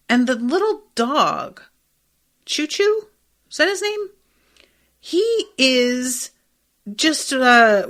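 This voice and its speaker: A woman's voice: fairly high pitch, vocal fry, fairly bright tone. A woman hosting a podcast, recapping an episode in a loose, chatty, profane way, full of fillers and quoted asides. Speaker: podcast host. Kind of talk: casual solo recap.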